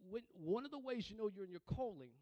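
Pastor guy preaching, really high voice, calls out to the church, repeats himself a lot. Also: animated, quick pace, no echo, muffled recording. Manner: preaching, call-and-response with congregation; repeats words and restarts when fired up. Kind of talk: sermon.

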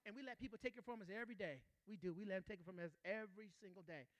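High bright preacher guy, aave, gets loud and repeats himself, dry sound. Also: very fast, no echo. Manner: rising to shouts, repeats phrases, calls out to the congregation. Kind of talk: sermon.

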